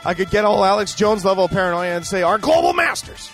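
A man putting on the voice of a bombastic male conspiracy radio ranter, with a booming, sing-song delivery. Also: big pitch swings, fast, a bit bright, faint music behind, exaggerated voice. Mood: ranting.

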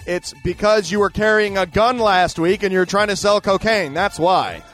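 A man with a somewhat raised pitch holds forth in a loose, emphatic monologue. He circles back on himself often and piles on fillers as he answers a listener's letter. Soft music plays quietly underneath. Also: normal speed. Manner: rambling, emphatic, full of fillers and restarts. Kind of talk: casual ranting monologue.

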